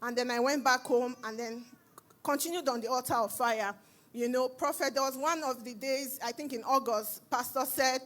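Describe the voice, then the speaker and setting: A high-voiced woman with a Nigerian accent gives a testimony at a church service. She tells her story with lively storytelling energy and acts out the voices of the people she quotes. Her delivery stays personal and conversational, not preached. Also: normal speed. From Nigeria, Edo. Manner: animated storytelling, acting out dialogue. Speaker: church member giving testimony.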